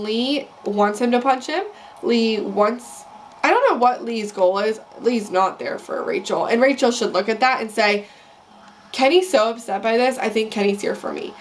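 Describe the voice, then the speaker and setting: In a casual vlog recapping a reality show, a young woman with a medium-pitched voice goes on an opinionated, heated, rambling rant. There's a little hiss or hum in the audio.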